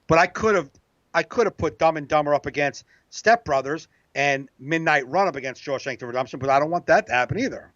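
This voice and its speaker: Laughing, swearing podcast co-host, dull mic. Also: male voice, fairly high pitch, brisk, fairly bright tone, dry recording. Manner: laughs often, swears casually. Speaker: podcast co-host running a movie bracket. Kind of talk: casual podcast chat with a live chat room.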